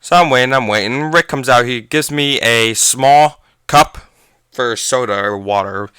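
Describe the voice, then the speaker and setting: A teenage boy rambles through a personal story in a casual, self-correcting way. His voice is bright and smooth. The sound is dry and close, with no room around it. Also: mid-range voice, unhurried, no room sound. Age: teens. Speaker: gaming channel vlogger.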